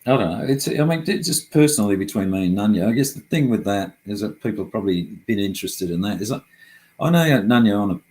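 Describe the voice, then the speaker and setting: A man's voice: lowish voice, animated, fast, a little mellow, low-quality recording. A middle-aged man talking casually and heatedly, frustrated and swearing often as he rambles through his complaints.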